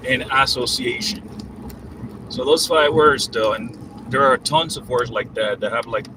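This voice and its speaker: Man, casual Spanish teacher, driving, relaxed filler-heavy explaining, distant mic, loud road noise. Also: medium pitch. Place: inside a moving car.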